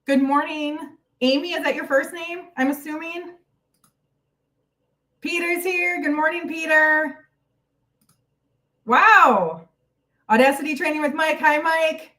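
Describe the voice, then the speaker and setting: A woman's voice: high-pitched, slow, pauses often, pushed and bright, distant mic. A woman hosting a casual live stream Q&A from home, chatty and bubbly as she greets viewers by name, a little out of breath. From United States. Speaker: YouTube host.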